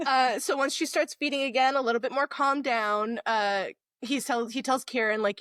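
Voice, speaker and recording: A woman's voice: sits high, normal speed, hardly any pauses, dry recording, studio quality. A young woman co-hosting a podcast, recapping a novel in casual chat and acting out the characters' lines with laughs. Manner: animated storytelling, acts out quotes with laughs. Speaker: podcast co-host.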